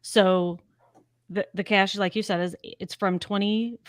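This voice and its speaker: A woman's voice: medium pitch, fairly even intonation, measured pace, dry recording, clean studio sound. A woman co-hosting a casual podcast, wry and self-deprecating. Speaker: podcast co-host.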